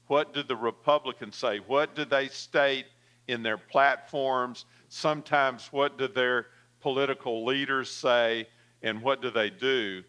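Male pastor, sermon delivery, bright and forceful, mid pitch, calls for amen. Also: steady tone, measured pace, smooth. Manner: storytelling with fillers, calls for amen.

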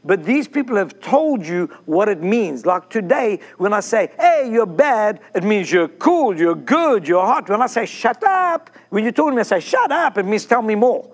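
A man preaching an excited sermon, breaking into whoops. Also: high-pitched, normal speed. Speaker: pastor.

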